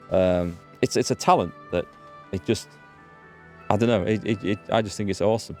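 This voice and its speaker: A man's voice: fairly low pitch, fairly quick, darkish tone. An English man rambling through casual let's play commentary as a gaming host. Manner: rambling, chatty, restarts often. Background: faint game music.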